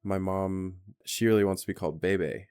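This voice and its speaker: A man's voice: low-pitched, fairly even intonation, moderate pace, darkish tone, smooth, no room sound, clean studio sound. A man co-hosting a podcast, laid back and swearing casually while discussing a horror film. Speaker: podcast co-host. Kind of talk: casual movie recap chat.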